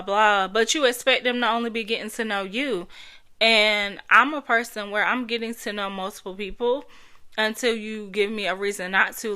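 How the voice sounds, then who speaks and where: A woman's voice: mid-range voice, sharp tone, clean tone. A young adult woman hosting a solo podcast, ranting in a blunt, exasperated, casual way with some swearing. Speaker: podcast host.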